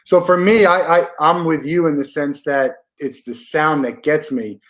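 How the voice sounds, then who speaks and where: A man in his forties hosts a podcast interview, chatting casually in an easygoing, rambling way full of fillers and repeated words. His voice is on the high side, steady, and fairly bright, at a moderate pace.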